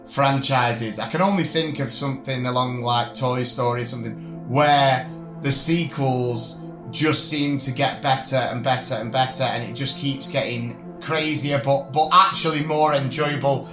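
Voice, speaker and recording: A man's voice: mid-range voice, steady tone, normal speed. A man hosting a podcast in casual chat, teasing and full of banter. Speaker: podcast host. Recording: roomy echo with music behind.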